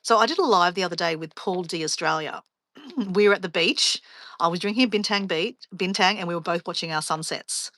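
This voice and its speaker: Bright, chatty woman live streaming. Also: on the low side, brisk, no echo. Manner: chatty, rambling storyteller, laughs often. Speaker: travel vlogger hosting a live stream. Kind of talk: casual live stream chat.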